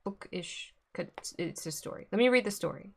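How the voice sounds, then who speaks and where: A woman's voice: mid-range voice, lively intonation, moderate pace, creaky, breathy edge. A woman streaming live, chatting casually, swearing freely and scolding her cat.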